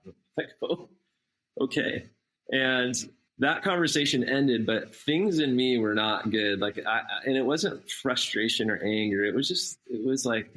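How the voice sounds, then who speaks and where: A missionary appearing as a podcast guest tells a personal story in a casual, animated way, performing the dialogue himself. His medium-pitched voice moves at normal speed, and the audio is poor.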